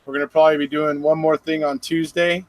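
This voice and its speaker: Man, somewhat high voice, agreeable, lots of short affirmations. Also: little pitch movement, fast talker, no echo, poor audio. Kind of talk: casual chat.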